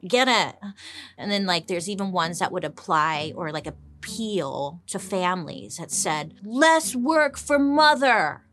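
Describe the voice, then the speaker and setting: A young adult woman hosting a storytelling podcast, chatty and playful, with jokey asides and sudden jumps up in pitch. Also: a bit bright. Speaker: podcast host.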